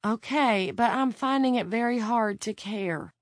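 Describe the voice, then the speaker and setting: A tired young woman who complains like a whiny child, her voice pushed up high and thin, as a woman reading the story puts her on. The sound is dry and close. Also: measured pace, no room sound, close to an everyday voice. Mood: listless.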